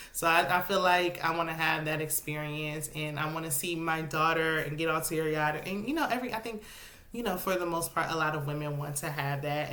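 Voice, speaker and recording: Woman, 30s, sassy recap chatter, bright forceful voice, slightly low pitch. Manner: chatty, sassy, animated with dialect speech. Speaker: reality TV recap vlogger. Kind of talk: casual recap commentary.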